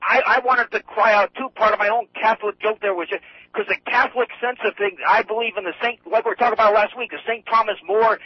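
A man's voice: sits high, husky, no room sound. A man calling in to a radio talk show, stammering through theatrical bursts of mock anguish. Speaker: caller. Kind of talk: call-in radio chat. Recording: muffled phone line.

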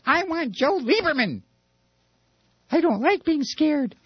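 A man putting on the voice of a timid, panicky male political weasel, whining in a frantic falsetto. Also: huge pitch swings, extremely slow, no echo, lo-fi sound, exaggerated voice. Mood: frightened.

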